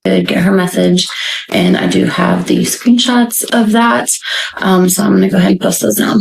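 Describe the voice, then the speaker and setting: A woman's voice: mid-range voice, steady tone, normal speed, gravelly, low-quality recording. A woman guest on a live stream reading out screenshots, with many "like" and "um" fillers. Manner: reads messages aloud with frequent "like" and "um" asides. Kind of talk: casual live-stream talk.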